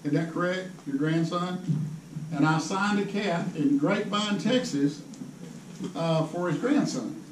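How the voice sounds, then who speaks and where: This man speaks at a measured pace in a high-pitched voice, a fishing pro spinning casual, rambling yarns for a seminar audience and breaking into laughter often. The setting is an indoor tackle show hall, recorded from a distant mic with echo and crowd noise.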